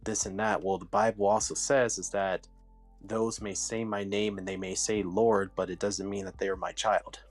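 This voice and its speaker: A man's voice: fairly low pitch, little pitch movement, moderate pace, soft background music. A man in a casual spiritual chat, explaining his view earnestly and carefully.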